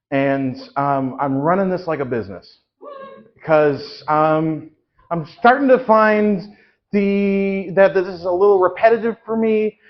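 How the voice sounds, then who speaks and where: A man improvising an exasperated church leader who rants and swears loudly at his congregation in a live comedy show. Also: a little high, muffled recording, lightly acted. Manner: ranting, loud, swearing at the congregation. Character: exasperated, foul-mouthed adult church leader.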